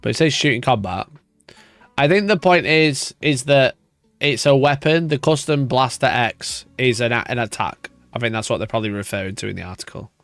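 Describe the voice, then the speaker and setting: A man's voice: medium pitch, fairly quick, vocal fry, a bit bright, no room sound, soft background music. A man hosting a wargaming live stream, ranting in mock outrage and swearing as he reads and reacts. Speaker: wargaming channel host. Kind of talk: casual live-stream chat.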